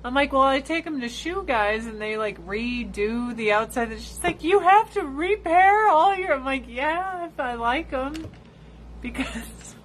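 A woman hosting a casual livestream chat, telling blunt, profane stories and squealing high when she imitates other people. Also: measured pace, a bit bright, a little hiss or hum, poor audio. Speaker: livestream host.

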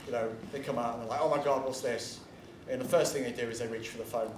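A man's voice: medium pitch, fairly even intonation, very fast, noisy background. A man giving a casual convention panel talk, chatty and blunt, drifting into asides and the odd swear word. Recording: echoey room from far off, faint ambience.

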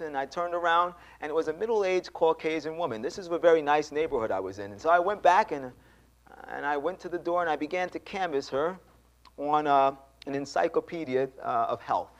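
Animated male preacher telling a story. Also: fairly high pitch, a little fast. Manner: animated, acts out dialogue, addresses congregation. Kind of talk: sermon storytelling. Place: church.

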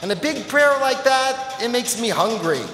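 A man voicing a brash, hungry miracle-working sage who talks loudly and bluntly. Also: very high voice, expressive, moderate pace, voice pushed up, exaggerated voice. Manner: loud, pleading, blunt. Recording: echoey hall with long reverb.

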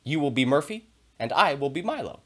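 A man teaching a theater video lesson to young children, speaking in a clear, encouraging and expressive way. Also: fairly high pitch, brisk.

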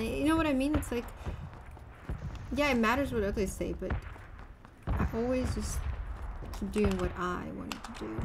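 A young woman with a fairly high voice rambles through a gameplay stream, talking straight to her chat in a loose, unpolished way and swearing now and then. A faint hiss sits under her voice. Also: vocal fry. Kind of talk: casual gameplay chat with viewers.

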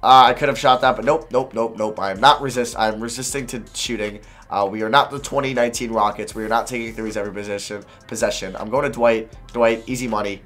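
A man giving live commentary over his own basketball video game, excitable and quick to frustrated outbursts. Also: lowish voice, faint music behind. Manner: excitable, swings between calm and frustrated outbursts; swears and groans at misses.

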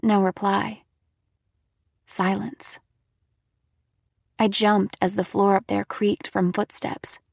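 A woman's voice: mid-range voice, flat delivery, takes it slowly, gravelly, long pauses, no room sound, clean studio sound. A woman reading a first-person horror audiobook in a dramatic manner. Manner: dramatic, shifting into loud frightened shouts for quoted lines. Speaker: audiobook reader.

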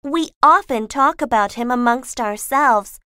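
An earnest, pleading young girl from a storybook, as a male narrator puts her on. The voice sits very high and sounds bright and sharp. It is recorded dry and close. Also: measured pace, smooth, no echo, full character voice. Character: earnest young girl Roberta, eldest sister.

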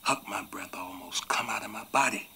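Here a lowish, vocal-fried voice belongs to an actor portraying a tender, remorseful runaway man aboard a raft in a 1980s TV film drama. Speaking rural Southern US dialect, he recounts his story slowly and heartfelt, frequently sinking into hushed whispers, with heavily acted delivery over slight background noise.

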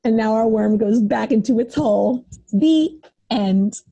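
A woman preschool teacher reading a picture book aloud to young children in an animated, sing-song way. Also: on the high side, measured pace, vocal fry, slightly rough.

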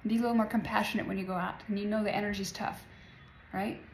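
A woman in her forties chats to her followers in a loose, wandering way and laughs often. Her voice has a gravelly, fry-heavy texture. The sound is roomy and echoey, with faint ambience behind her. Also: medium pitch, fairly even intonation, quick pace, slight background noise. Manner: chatty, rambling, laughs often. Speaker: spiritual vlogger. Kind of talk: casual spiritual talk to viewers.

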